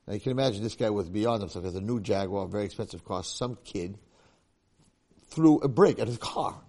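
A man's voice: on the low side, fairly quick, warm tone. Emphatic male Torah teacher. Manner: emphatic, repeats points for effect. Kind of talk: religious lecture with storytelling.

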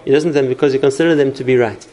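A man's voice: medium pitch, fairly even intonation, rapid-fire, dark tone, poor audio. A man teaching a class on parenting, explaining through stories and examples and answering questions.

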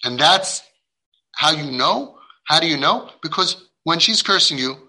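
A man's voice: a little high, expressive, measured pace, pushed and bright, rough recording. A man giving a heartfelt lecture to parents, speaking emphatically, acting out the dialogue he quotes, and dropping in Hebrew and Yiddish religious terms. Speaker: parenting guide addressing parents.

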